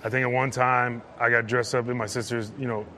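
A man's voice: medium pitch, flat delivery, brisk, bright, forceful tone, slight background noise. Good-humored male athlete. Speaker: football player. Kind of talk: casual interview answer.

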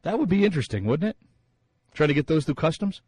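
A man's voice: on the high side, very animated, fast, darkish tone, a little hiss or hum, rough recording. A man hosting a sports talk radio show, musing in a chatty way with many fillers and restarts.

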